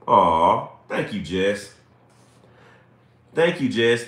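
A man's voice: fairly low pitch, expressive, unhurried, a bit bright, reverberant. A man hosting a casual live stream from home, chatty, laughing often and reading messages aloud.

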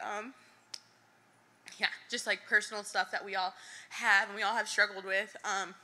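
A woman's voice: on the high side, sharp tone. A young woman nervously sharing a personal testimony before a church congregation, giggling and using lots of fillers. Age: young adult.

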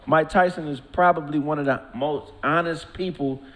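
A man's voice: a little high, fairly even intonation, moderate pace. A man co-hosting a talk show, debating in a laid-back but emphatic way. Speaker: co-host. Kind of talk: casual banter.

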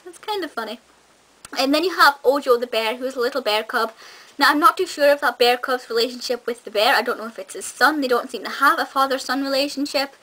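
A woman's voice: a little high, bright, forceful tone, low-quality recording. A young woman chatting enthusiastically to camera in a casual review, with frequent ums and restarts. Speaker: video reviewer.

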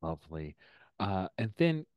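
A man running an online tabletop role-playing game as game master, animated and playful, with murmured asides. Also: low voice, measured pace, clean tone, no echo.

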